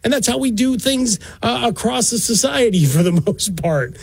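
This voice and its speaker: Wry male radio co-host, high voice. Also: expressive, normal speed, creaky, slightly rough, no room sound, rough recording. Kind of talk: sports talk discussion.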